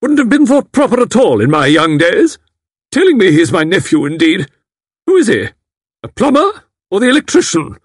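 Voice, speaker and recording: A man's voice: high voice, sing-song, normal speed, breathy edge, dry recording, studio quality, pitched above the performer's own voice, heavily acted. A man voicing a stern, disapproving elderly woman who scolds haughtily. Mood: indignant.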